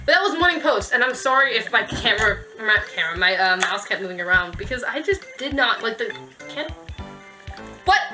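Giggly high-voiced woman playing a game. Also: bright, forceful tone, rough recording. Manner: giggly, playful, talks to game characters. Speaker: gaming video host. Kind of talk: casual let's-play commentary. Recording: music playing behind the voice. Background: game music.

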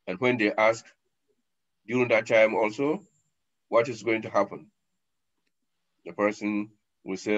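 A man, a sheikh giving a sermon, acting out scenes with sudden loud and soft turns, on a dull lo-fi recording. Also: lowish voice, measured pace, pauses often. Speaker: sheikh, lecturer.

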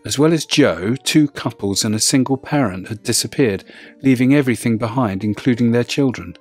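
Husky male horror narrator, measured and low-key, soft music bed. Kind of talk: first-person horror narration.

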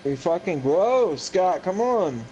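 A young man trades crude, profane jabs with his gaming buddy. His pitch rises and falls with a lively bounce. Noise hisses behind his voice. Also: slow, lo-fi sound. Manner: teasing, profane. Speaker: friend playing along. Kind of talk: crude trash talk. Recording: noisy home stream audio.

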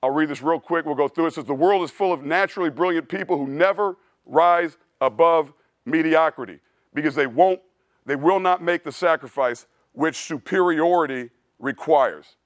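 Speaking at normal speed in a slightly high voice, a male strength coach gives a blunt, preachy clinic presentation with a casual air. He calls his listeners "dude" a lot, and the clean studio audio has no echo.

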